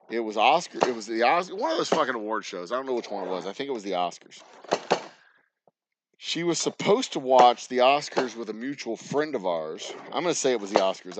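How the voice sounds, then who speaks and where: A man in his forties, a distillery owner, telling personal stories in a rambling, profane, joking way. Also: medium pitch. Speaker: distillery owner and channel host. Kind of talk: casual storytelling. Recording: noisy background with clicks.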